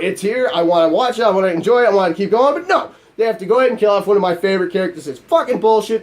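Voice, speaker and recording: A man with a high voice, for a man, rants on camera as a gaming YouTuber. He swears constantly and sounds exasperated, then turns on himself with mocking asides. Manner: profane, exasperated ranting; self-mocking. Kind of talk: angry vlog rant.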